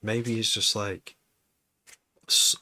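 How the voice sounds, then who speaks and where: Deep-voiced, bright, rambling man. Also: flat delivery, very slow. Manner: rambling, swears often, laughs at himself; starts and stops mid-sentence, repeats words. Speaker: music producer streaming a session. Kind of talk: casual chat.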